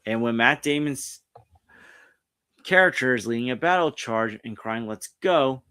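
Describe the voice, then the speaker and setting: A man's voice: medium pitch, expressive, moderate pace, bright, forceful tone, smooth. A man hosting a casual pop culture stream, reading articles aloud and rambling with frequent restarts. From New York. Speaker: streamer host. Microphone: streaming setup mic.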